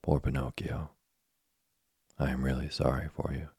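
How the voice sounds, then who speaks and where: A patient old philosopher cricket from a bedtime storybook, read by a man in a very deep, gravelly voice. He lectures calmly and slowly for a sleep story, with a dark, husky tone. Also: no room sound, studio quality, heavily acted. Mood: calm, admonishing. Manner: calm, unhurried admonishing.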